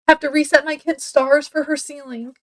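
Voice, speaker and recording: A woman's voice: sits high, fairly even intonation, measured pace. A woman, rambling casually to camera at home as a book vlogger, with lots of fillers. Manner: rambling, chatty, many fillers. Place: home, indoors.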